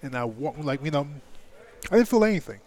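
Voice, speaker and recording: A man's voice: a little high, big pitch swings, brisk, a little mellow. A middle-aged man, a podcast guest, telling a personal story in an emphatic, profane, filler-heavy way. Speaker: guest, former heavyweight boxing champion. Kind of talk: candid storytelling in a podcast interview.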